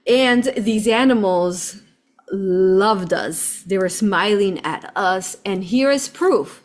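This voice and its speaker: A woman vlogger telling a travel story in an excited, chatty way, often laughing and calling her viewers "you all". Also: medium pitch. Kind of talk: animated storytelling vlog.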